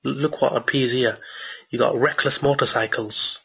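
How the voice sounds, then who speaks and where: A man teaching a screen-share marketing tutorial and answering viewer questions, excited and repetitive, with lots of restarts, late at night. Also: medium pitch, normal speed, creaky, husky, lo-fi sound. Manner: enthusiastic, repeats himself, many restarts.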